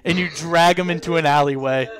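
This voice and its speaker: A man's voice: on the high side, fairly quick. A man running a tabletop game as game master, narrating loosely with many fillers. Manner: relaxed, filler-heavy narration.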